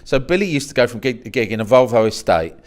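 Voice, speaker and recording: A middle-aged English man telling lively anecdotes as a podcast guest, jumping high in pitch when he quotes himself. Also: fast talker. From England. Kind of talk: storytelling in a casual interview.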